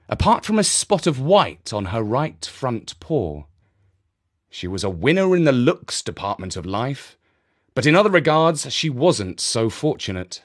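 A man narrating a children's story in a gentle, expressive way. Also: mid-range voice, measured pace.

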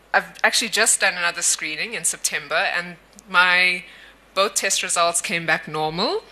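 Woman speaker at a conference, low, very bright voice, warm and candid. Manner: warm, candid, laughs easily. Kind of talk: conference presentation. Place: conference hall. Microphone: stage microphone.

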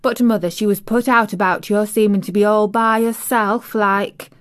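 A woman's voice: medium pitch, fairly even intonation, normal speed, dry recording, studio quality, lightly acted. A woman voicing a cheerful, chatty young maid with a broad Yorkshire accent. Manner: broad dialect, eager.

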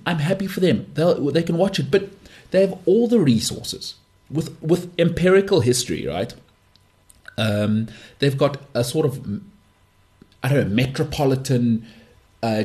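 A South African podcast host talks sport on his own, giving opinions in an emphatic, dismissive tone and repeating phrases for effect. His voice is mid-range with a darkish tone.

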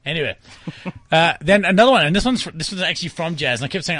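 A man ranting casually on a radio talk show, animated and laughing as he goes. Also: on the high side, quick pace, no room sound, studio quality. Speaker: guest commentator.

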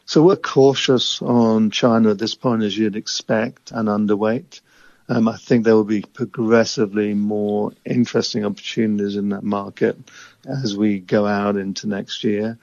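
A man who invests in emerging market equities, answering interview questions in a measured, analytical way. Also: fairly low pitch, level tone, creaky, darkish tone, no echo, muffled recording.

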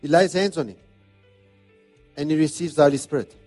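A high-voiced man delivers a sermon, hammering his points home with repeated phrases. Soft music plays faintly beneath his voice. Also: a little fast. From South Africa. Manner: emphatic, repetitive preaching cadence. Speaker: pastor.

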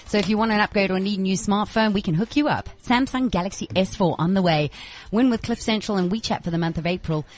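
A woman's voice: mid-range voice, fast talker, few pauses. A woman co-hosting a radio show, chatting playfully and laughing often. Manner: giggly, playful. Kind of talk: casual radio chat.

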